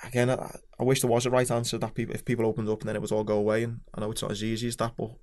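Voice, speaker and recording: A man with a Scouse accent, a former Marine and podcast guest, telling his story frankly with dark humour in casual chat. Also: fairly low pitch, completely flat delivery, rapid-fire.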